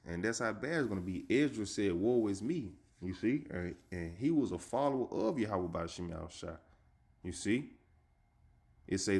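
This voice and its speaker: A man preaches a stern warning. He reads scripture slowly and deliberately, then drives each point home with an emphatic "man" or "you see?". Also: on the low side, a little mellow. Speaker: street preacher. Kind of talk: sermon with scripture reading.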